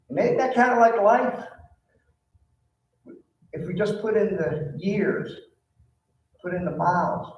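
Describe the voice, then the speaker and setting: Another folksy sermon story comes from a pastor in a church sanctuary, recorded with a distant mic in an echoey hall. He speaks high and animated but slowly, leaving long pauses and plenty of fillers.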